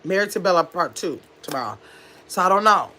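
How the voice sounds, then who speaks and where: A woman's voice: on the low side, expressive, a little fast, pushed and bright. Woman, casual livestream chat, home, reads viewer comments. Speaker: livestream host. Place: at home in pajamas.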